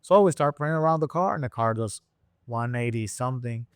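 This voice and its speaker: A man from Rico, a guest and engine builder telling a story in a casual interview, acting out the people he quotes with sudden high voices. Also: brisk, clean tone, no echo, studio quality. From Puerto Rico. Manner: animated storyteller who acts out quoted people with jumps in pitch.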